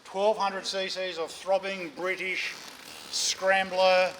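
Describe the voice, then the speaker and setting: A man's voice: high-pitched, flat delivery, takes it slowly, fairly bright tone, slight background noise. An Australian man, a motorcycle magazine editor, bantering casually on location, jokey and chatty, ending lines with "mate". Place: motorcycle dealership.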